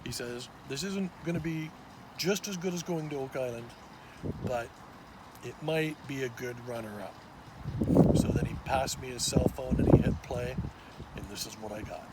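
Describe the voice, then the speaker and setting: A man in his fifties vlogs outdoors, talking excitably into a phone on a selfie stick. His voice sits at an ordinary pitch. Loud boat engines and water fill the background. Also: normal speed, long pauses, heavy background noise. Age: 50s. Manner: excitable, animated, with small restarts and laughs. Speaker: vlogger. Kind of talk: casual storytelling to camera.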